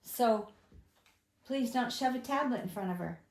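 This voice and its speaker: Older woman, home Bible teacher, a touch high, chatty and emphatic, roomy echo. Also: moderate pace. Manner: chatty, emphatic, asks the group questions. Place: home gathering room. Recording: echoey room.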